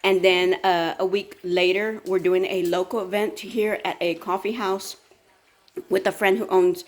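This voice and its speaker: A woman's voice: medium pitch, flat delivery, measured pace. A woman hosting a casual morning vlog, tired and chatty, rambling along with fillers and sometimes talking with her mouth full. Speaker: vlog host and fitness coach.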